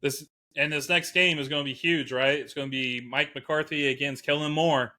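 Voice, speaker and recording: Male co-host, casual sports talk, bright tone, lively delivery. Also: fairly high pitch, moderate pace. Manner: animated, laughs often, reads out stats. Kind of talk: casual podcast chat.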